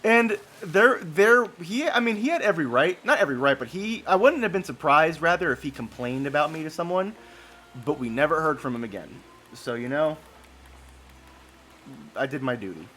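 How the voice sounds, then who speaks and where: A man's voice: a little high, expressive, normal speed, sharp tone, a little hiss or hum. A man streaming a game and telling a long story in a casual, rambling way, with many fillers and self-corrections.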